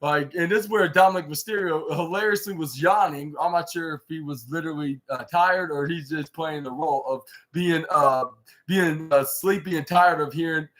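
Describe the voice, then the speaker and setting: A man's voice: fairly high pitch, normal speed, a bit bright, a little hiss or hum. A man hosting a casual podcast, recapping a wrestling show in a rambling way, full of fillers, restarts and loosely paraphrased quotes.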